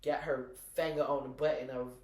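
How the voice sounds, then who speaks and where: A woman co-hosting a casual chat podcast, animated, telling stories and acting out dialogue with laughter. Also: rumbling low, brisk, reverberant, recorded from a distance. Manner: animated storyteller who acts out dialogue with laughter. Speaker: podcast co-host.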